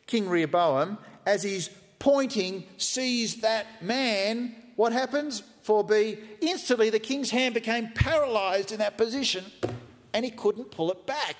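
A man's voice: high-pitched, a little slow, in a large hall. A man preaching a sermon in a church, conversational and humorous, often acting out quotes. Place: church hall with live stream.

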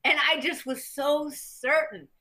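A middle-aged woman from the US Midwest, a guest telling animated stories in an interview and acting out other people's lines. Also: sits high, unhurried. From Missouri, US Midwest. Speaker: guest, former champion fighter and stuntwoman. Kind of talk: interview storytelling.

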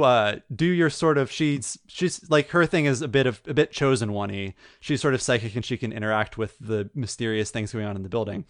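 A man co-hosting a podcast, chatting casually and retelling a story with lively acted-out quotes. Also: medium pitch, no room sound, clean studio sound. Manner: animated storyteller, acts out quotes. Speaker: podcast co-host. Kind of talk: casual chat.

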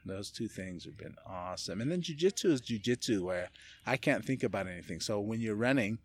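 A man guest on a podcast, talking in a casual chat, telling animated stories with laughs and casual swearing. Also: fairly low pitch, fairly quick. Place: indoors, casual setting with a beer.

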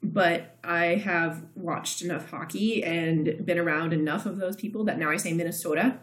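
A woman's voice: lowish voice, fairly even intonation, normal speed. Midwestern woman with a Texas drawl. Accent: flat Midwestern with a Texas drawl. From Kansas, US Midwest. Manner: chatty, laughs easily, vocal fry. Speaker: podcast co-host. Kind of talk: casual chat over wine. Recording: roomy echo.

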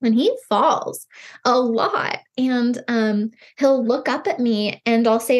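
Earnest woman with a slightly high voice. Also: takes it slowly. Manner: earnest, expressive, many "like" fillers. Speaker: podcast guest, grief counselor. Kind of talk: casual conversation.

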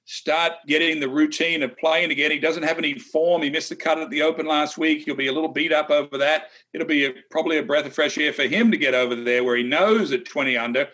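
A man's voice: on the high side, fairly even intonation, fast talker, hardly any pauses, bright, forceful tone. A man who is a former tour golfer co-hosting a golf analysis chat, blunt and emphatic with some teasing.

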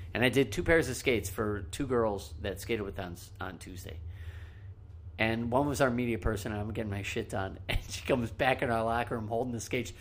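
A man in easygoing podcast banter who tells loose, profane stories. He laughs often as he talks, and his voice sits at an ordinary middle pitch. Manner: swearing, laughing, animated storyteller. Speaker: podcast co-host. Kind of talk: casual storytelling chat.

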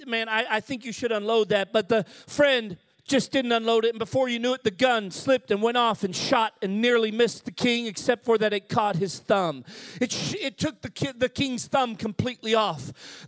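A man preaching a sermon. He tells a story in a hushed, low voice, then builds to shouted, drawn-out climaxes. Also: dry recording.

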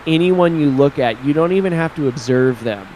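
A man's voice: on the high side, moderate pace, darkish tone, a little hiss or hum, poor audio. A man co-hosting a podcast, chatting casually about tabletop games and thinking aloud with restarts. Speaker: podcast co-host.

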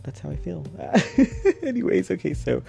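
A man with a gravelly, low-set, mellow voice rambles through a casual personal story. He strings thoughts together with lots of fillers and breaks into laughs. Faint music plays softly behind him. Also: moderate pace. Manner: rambling, loose, with many fillers and bursts of laughter. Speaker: podcast host.

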